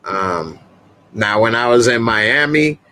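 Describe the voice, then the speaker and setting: A man's voice: medium pitch, lively intonation, slow, sharp tone, a little hiss or hum. A man hosting a live talk stream, chatting casually and telling loose stories full of slang, often breaking into laughs.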